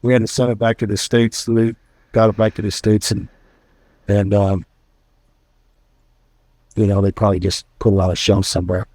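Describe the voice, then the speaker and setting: A middle-aged retired military pilot and author tells casual war stories to an audience, acting out the voices of those involved. His fairly low voice is flat and a little mellow, at normal speed with long pauses, in a dry recording.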